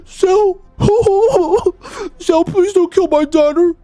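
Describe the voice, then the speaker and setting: A man voicing a cowardly anime hero who whines and pleads in a high, crying voice. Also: drawn-out words, warm tone, no room sound, heavily acted. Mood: whiny pleading.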